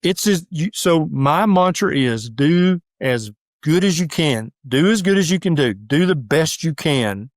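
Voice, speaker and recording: A middle-aged man, a doctor and guest, talking in an emphatic, rapid-fire way and acting out the voices of his critics in a casual interview. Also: a little high, animated, no room sound, studio quality. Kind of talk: animated casual interview talk.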